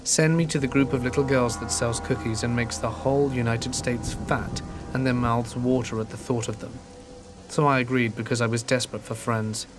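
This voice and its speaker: A man reading horror stories aloud in a slow, hushed narration. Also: mid-range voice, over music. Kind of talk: scripted narration. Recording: rain noise behind voice. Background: steady rain.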